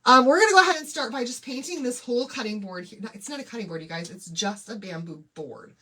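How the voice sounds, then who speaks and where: A woman's voice: on the high side, fast talker, sharp tone, breathy edge. A woman hosting a casual craft livestream, bubbly and chatty as she greets viewers one by one.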